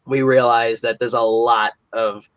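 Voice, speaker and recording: A man's voice: medium pitch, unhurried, clean tone. A man, a podcast guest who works as a convention moderator, telling stories in casual chat and acting out the people he quotes. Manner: animated storyteller who acts out quoted voices.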